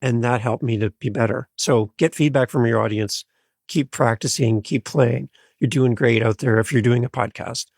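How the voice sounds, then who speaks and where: A man guesting on a podcast, energetic and full of stories about his own shows. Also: medium pitch, normal speed, vocal fry, husky, dry recording, studio quality. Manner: energetic, storytelling. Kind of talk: casual interview chat.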